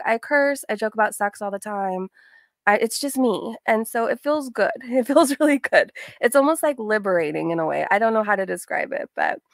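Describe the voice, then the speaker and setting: A woman's voice: on the high side, no room sound, clean studio sound. A young woman hosting a casual livestream, bubbly and giggly, greeting her chat by name. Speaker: livestream host.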